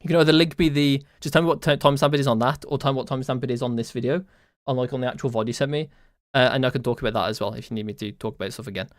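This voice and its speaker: A man's voice: medium pitch, rapid-fire, no room sound, studio quality. A young man from the West Midlands of England, a game coach chatting casually on a live stream, rambling and repeating himself with many fillers.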